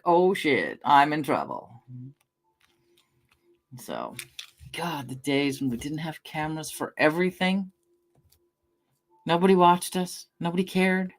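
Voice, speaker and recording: A woman's voice: on the low side, normal speed. A middle-aged woman from the American Northwest, chatting casually on a livestream. She rambles through anecdotes, swears casually and answers her chat.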